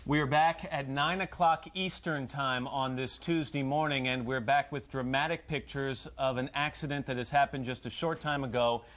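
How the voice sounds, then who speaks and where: A man anchoring live breaking news, questioning a caller and recapping for viewers in a measured way. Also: medium pitch, steady tone, a bit bright.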